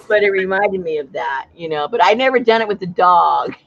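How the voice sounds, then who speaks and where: A woman's voice: mid-range voice, animated, moderate pace, vocal fry, a bit bright, no room sound. A woman chatting casually on a livestream, telling stories and laughing often. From Southern California. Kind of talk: casual chat. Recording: dull lo-fi sound.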